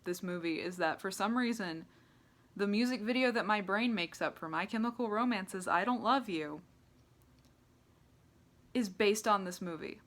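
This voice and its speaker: This movie reviewer, a young American woman, speaks at normal speed with frequent pauses, her medium-pitched voice fairly bright. She ranks films in a sarcastic, easygoing way, laughing often and leaning heavily on "like."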